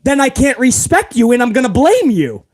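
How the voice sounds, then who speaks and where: High-pitched guy host ranting and cussing on a live stream, shouts a lot. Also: very animated, normal speed, slightly rough. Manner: ranting, swearing, often shouting. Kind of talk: profane live-stream rant.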